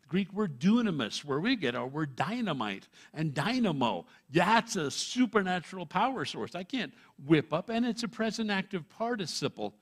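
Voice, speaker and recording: A man's voice: high-pitched, big pitch swings, moderate pace, hardly any pauses. A male pastor preaching a sermon in a church, emphatic and punchy, with wry humor and chuckles. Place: church sanctuary.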